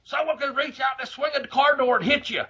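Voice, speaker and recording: A man putting on the voice of a hot-headed, burly male wrestler, shouting profane threats. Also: very high-pitched, quick pace, breathy edge, voice pushed up, full character voice. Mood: furious.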